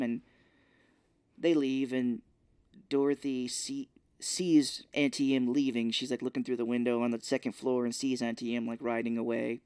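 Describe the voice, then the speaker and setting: A man co-hosting a podcast, casually retelling a film's scenes and slipping into quick voices for the characters. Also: medium pitch, steady tone, a little mellow, smooth, no echo, studio quality. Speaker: podcast co-host. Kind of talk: casual movie recap chat.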